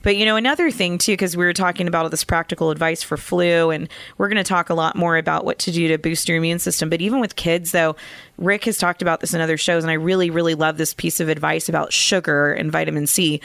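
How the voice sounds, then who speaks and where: A woman in her thirties co-hosting a talk show, chatty and quick to laugh. Her voice sits a little low and has a gravelly fry. The sound is dry and close. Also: fairly even intonation, a bit bright, dry recording. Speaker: co-host. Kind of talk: casual health talk show chat.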